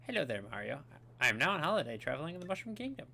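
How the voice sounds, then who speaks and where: A man's voice: on the high side, very animated, very fast, vocal fry, pushed and bright, slight background noise, voice pushed up, heavily acted. A man voicing a princess reading out her letter in a sweet, coaxing way. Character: gracious young princess writing a letter.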